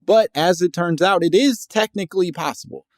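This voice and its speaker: A man from Indiana co-hosting a comedy podcast, laying out his research in a relaxed, wry way. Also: high-pitched, moderate pace, no echo, clean studio sound. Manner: laid-back, wry, researched explanations. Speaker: podcast co-host. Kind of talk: casual comedic podcast chat.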